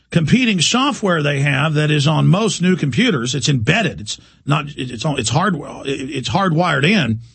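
A man's voice: on the high side, creaky, a bit bright, husky. A man hosting a talk show, delivering an urgent, impassioned monologue.

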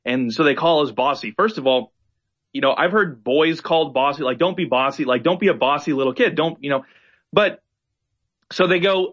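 A man with a fairly high voice talks animatedly in a casual conversation, acting out exasperated lines of dialogue. His sound is slightly dull and lo-fi. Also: normal speed. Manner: animated, acts out exasperated quotes.

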